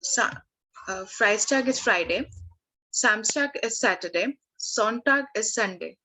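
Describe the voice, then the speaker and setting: Slow-paced woman tutoring language. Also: mid-range voice, expressive, bright, forceful tone, poor audio. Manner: slow and careful, frequent fillers and restarts. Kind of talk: online lesson, reading word lists.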